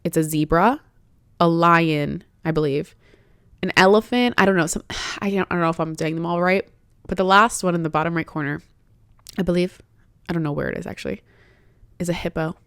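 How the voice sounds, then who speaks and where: A woman's voice: lowish voice, fairly quick, pauses often, a bit bright, smooth, no echo, studio quality. Chatty woman podcaster in her twenties. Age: 20s. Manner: chatty, full of "like" fillers, heartfelt. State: tearful, emotional at times. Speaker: podcast host. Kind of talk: candid personal podcast chat.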